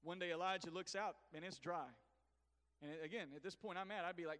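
A man's voice: high voice, a little fast. A middle-aged man preaching a sermon, calling on the congregation to answer back. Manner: animated preaching with call-and-response to the congregation. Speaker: pastor. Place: church sanctuary. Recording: long reverb of a church hall.

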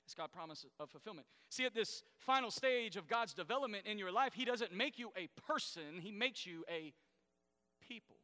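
A man preaching a sermon as pastor, swinging between loud emphatic lines and quiet asides to the congregation. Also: sits high, lively intonation, normal speed. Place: church sanctuary. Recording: echoey hall reverb.

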